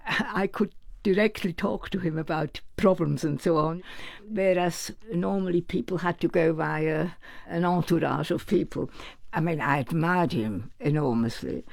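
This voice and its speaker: A man's voice: fairly high pitch, a little slow, dry recording. An older man, a former orchestra manager, telling anecdotes in an interview. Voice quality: very gravelly. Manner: warm anecdotal storytelling with quoted voices. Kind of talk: reminiscing interview answers.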